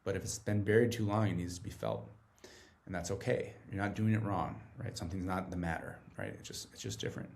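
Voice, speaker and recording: Low gravelly man, earnest chat. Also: expressive, fairly quick, a little mellow. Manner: earnest, tags points with "right?". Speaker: guest, treatment center director. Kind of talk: casual podcast conversation.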